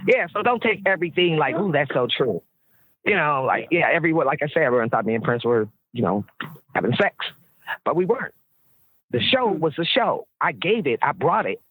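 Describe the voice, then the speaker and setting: A woman's voice: sits low, very animated, a little fast, breathy edge, no room sound. Blunt, laughing woman on a phone line. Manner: blunt and profane, laughs through her stories. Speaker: guest. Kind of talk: casual anecdote telling. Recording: tinny, dry phone line.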